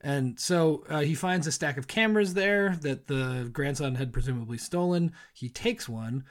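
A man's voice: on the high side, normal speed. A man hosting a podcast in casual chat, rambling with fillers and frequent laughter. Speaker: podcast host.

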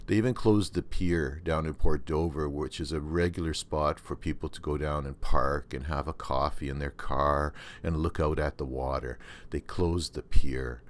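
A man's voice: very deep voice, fairly even intonation, moderate pace, few pauses. An older man with a Canadian accent hosting a podcast, talking in a rambling, earnest way with many restarts and fillers. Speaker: podcast host. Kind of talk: casual monologue.

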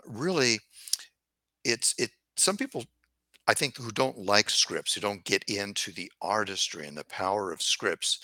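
Older guy on a podcast, low voice but bright and punchy, dry close headset sound, keeps stressing points. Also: no echo. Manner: emphatic, repeats key phrases, tells listeners to write things down. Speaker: co-host, sales persuasion expert. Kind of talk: podcast talk, teaching.

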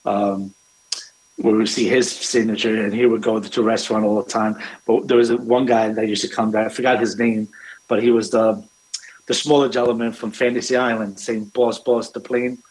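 A man's voice: fairly low pitch, level tone, normal speed, darkish tone, slightly rough, rough recording. A middle-aged man, a restaurant owner, telling family stories in an interview, rambling with frequent restarts. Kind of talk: conversational interview storytelling.

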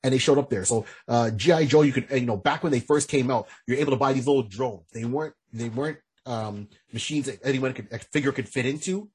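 A man's voice: medium pitch, quick pace, few pauses, darkish tone, husky. A man co-hosting a podcast, chatting casually in a rambling way with lots of restarts. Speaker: podcast co-host. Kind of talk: casual chat.

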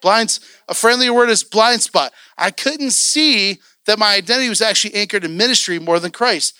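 A man, a church elder, preaching a sermon and telling a personal story in a lively, animated way, acting out his own past outbursts. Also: sits high, normal speed, smooth, no echo, studio quality.

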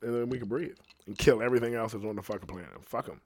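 A podcast host talks fast into his podcast microphone with a breathy edge, rambling and swearing freely. He swings between loud outbursts and low muttering throughout the casual show.

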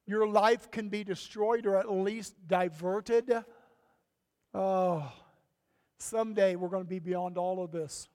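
A man's voice: sits high, in a large hall. A male pastor delivering a folksy, emphatic sermon, his voice rising sharply on key points. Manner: folksy, emphatic preaching with sudden rises.

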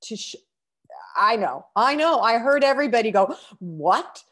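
A woman's voice: fairly high pitch, expressive, fairly bright tone. A middle-aged woman hosting an inspirational podcast, talking earnestly and with emotion, with sighs and restarts. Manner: slow, earnest, emotional, breaks off to sigh. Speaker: podcast host.

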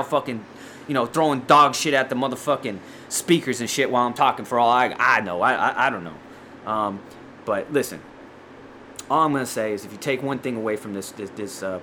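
A man's voice: medium pitch, sharp tone, a little hiss or hum. A man hosting a podcast, ranting in heated, profane bursts with stumbling repetitions. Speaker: podcast host.

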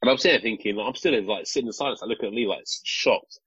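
Husky deep-voiced man. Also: rapid-fire, dry recording. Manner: animated, rambling storyteller with many restarts. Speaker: podcast co-host, father. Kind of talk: casual conversational storytelling. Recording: slightly dull lo-fi recording.

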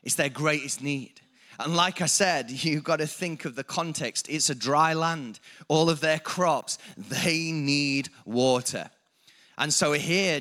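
A man's voice: medium pitch, sharp tone. A man preaching a sermon, building emphasis with repeated phrases and stopping to correct himself. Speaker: pastor.

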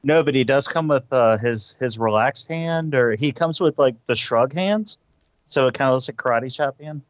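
A man's voice: mid-range voice, normal speed, dry recording, muffled recording. A man co-hosting a casual podcast chat, joking dryly and stalling with fillers. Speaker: podcast co-host.

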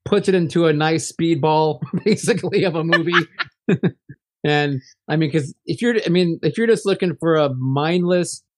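A male podcast co-host talking through movies in a loose, rambling way. His voice sits a little high, and he laughs often and keeps restarting his sentences. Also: normal speed, background noise. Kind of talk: casual movie-review chat.

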